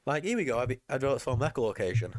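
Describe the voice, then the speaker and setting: A man's voice: mid-range voice, quick pace, slight background noise. A man co-hosting a casual film podcast, ranting and mocking the film as he drinks, with the hiccups. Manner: animated, swearing, mocking voices in quotes. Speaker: podcast co-host. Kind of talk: casual film commentary chat.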